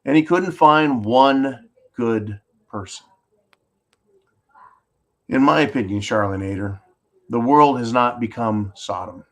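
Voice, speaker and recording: A man's voice: medium pitch, slow pace, long pauses, a bit bright. Ranting man hosting a commentary show. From California. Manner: combative, ranting, sarcastic. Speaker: channel host reading viewer comments. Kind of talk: political commentary livestream.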